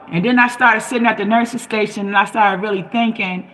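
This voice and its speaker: A woman's voice: mid-range voice, steady tone, brisk, a bit bright, low-quality recording. A woman talking to her live-stream viewers in a passionate, preachy monologue, firing off rhetorical questions. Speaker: livestream host.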